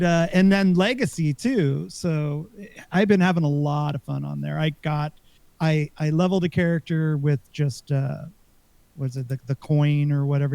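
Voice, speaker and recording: In a slightly high voice with vocal fry and a dark tone, a man co-hosts a podcast and chats loosely about a video game, rambling through fillers and false starts. The sound is dry.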